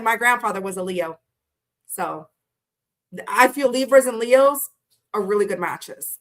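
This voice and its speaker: Middle-aged woman, tarot streamer, slightly high voice, chatty and blunt. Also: sharp tone. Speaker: tarot reader. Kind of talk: casual live-stream tarot reading.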